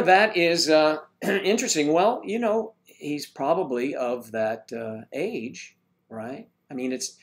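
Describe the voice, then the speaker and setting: An older man hosting a casual livestream chat, reading viewer comments aloud in a jokey, teasing way. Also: mid-range voice. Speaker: livestream host.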